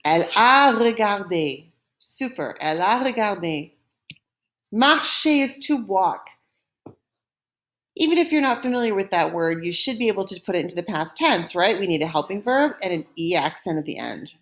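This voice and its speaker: A woman's voice: medium pitch, lively intonation, normal speed. A woman teaching a recorded French lesson, explaining step by step with patience and modeling pronunciation for learners to repeat.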